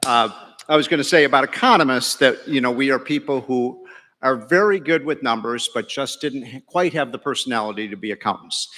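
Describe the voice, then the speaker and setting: Keynote: middle-aged male economist, bright forceful voice, folksy joking delivery, big reverberant hall. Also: medium pitch. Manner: folksy, joking, many fillers and restarts. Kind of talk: after-breakfast speech with jokes. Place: large banquet hall.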